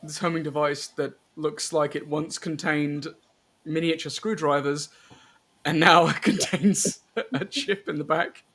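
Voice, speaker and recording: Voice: mid-range voice, steady tone, unhurried, fairly bright tone. A co-host of a casual movie watch party, making wry joking remarks about the film. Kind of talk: casual movie commentary chat.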